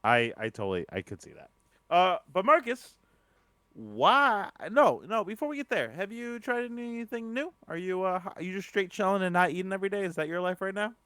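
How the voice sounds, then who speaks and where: An upbeat male podcast co-host with a slightly high voice, teasing his partner and pushing listeners toward reviews. He sits close to a dry-sounding mic. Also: lively intonation, brisk, sharp tone, clear, resonant tone, no room sound. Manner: upbeat and teasing, does the show plugs. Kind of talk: casual podcast chat.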